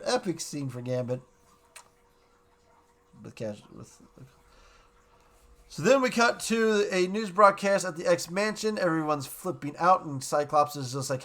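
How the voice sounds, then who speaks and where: In this clip a man casually recaps and reviews a cartoon episode, rambling excitedly and tossing in quick character quotes. His voice sits a little high.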